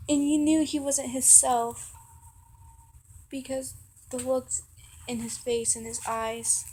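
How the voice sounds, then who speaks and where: A young woman reading a second-person fan story aloud in a halting way, with fillers and restarts. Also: sits high, little pitch movement, dark tone, breathy edge.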